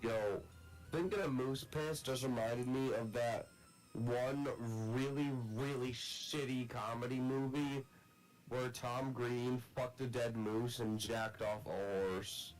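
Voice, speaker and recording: A man's voice: medium pitch, fairly even intonation, takes it slowly, faint music behind, rough recording. A man with a congested, phlegmy voice from illness, chatting crudely and rambling with friends. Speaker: friend on stream. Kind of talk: casual chat.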